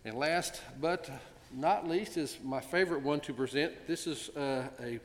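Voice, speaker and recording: A man speaking as congregation president, giving a ceremonial presentation speech with gentle jokes and frequent pauses, in a synagogue sanctuary. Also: on the high side. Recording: long reverb in a large sanctuary.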